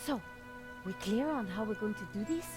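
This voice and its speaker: A level-headed female investigator from an adventure game, voiced by a woman who speaks briskly and practically. Her voice sits at a middling pitch. It is clean game voice acting. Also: lively intonation, music in the background, natural voice.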